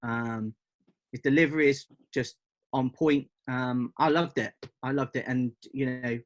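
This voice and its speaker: A man in his fifties from Bristol, an interview guest who talks in an easygoing, thoughtful way with many pauses and "um"s. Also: mid-range voice, steady tone, dull audio. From Bristol, England. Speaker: interview guest, hip hop artist. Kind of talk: casual interview chat.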